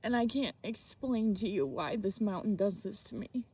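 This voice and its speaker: A woman speaking outdoors in a slow, halting, emotional personal reflection, with restarts and whispered asides. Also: mid-range voice, expressive, darkish tone, breathy edge. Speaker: spiritual vlogger.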